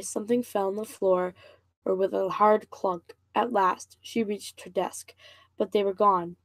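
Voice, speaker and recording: A woman's voice: medium pitch, darkish tone, no room sound, rough recording. A woman casually reading a novel aloud, stumbling and restarting over words now and then. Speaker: reader and channel host.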